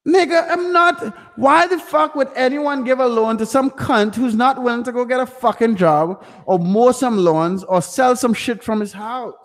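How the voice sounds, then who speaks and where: A man's voice: very high voice, normal speed, few pauses, long reverb tail. A young man hosting a live stream Q&A, ranting bluntly and swearing constantly at his chat. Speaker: livestream host answering chat questions.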